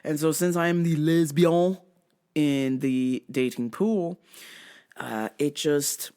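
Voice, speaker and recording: A woman's voice: low-pitched, takes it slowly, dark tone, clear, resonant tone. A woman host ranting casually, brash and profane, telling stories with bursts of laughter. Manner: self-described masculine, brash. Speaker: podcast host. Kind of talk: casual rant.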